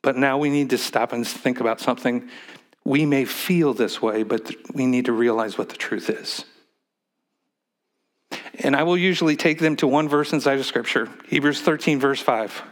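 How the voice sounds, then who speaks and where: A man, the pastor of his church, preaching a sermon in a halting way with many repeated words, now and then calling on the congregation to answer. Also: mid-range voice.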